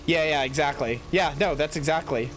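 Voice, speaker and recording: A man's voice: a little high, moderate pace, fairly bright tone, soft background music. A man streaming a game in casual commentary, rambling with many fillers and swearing into a headset mic.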